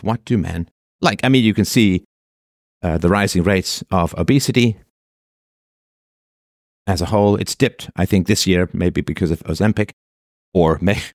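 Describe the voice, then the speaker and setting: Sarcastic low-voiced man, dry close sound. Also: dry recording. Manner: sarcastic, mocking quoted voices. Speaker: commentator. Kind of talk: monologue commentary.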